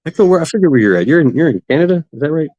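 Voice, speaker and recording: A man's voice: on the high side, big pitch swings, very fast, a little mellow, highs cut off. Rambling, foul-mouthed male stream host. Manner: rambling, profane, greets chat viewers. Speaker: livestream host. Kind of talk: casual livestream chat. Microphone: computer mic for online stream.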